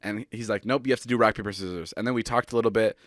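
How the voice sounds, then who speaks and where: Fast-talking young man, casual podcast chat. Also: on the low side, steady tone, dry recording, clean studio sound. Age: 20s. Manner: rambling, laughs often, swears casually. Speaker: podcast co-host.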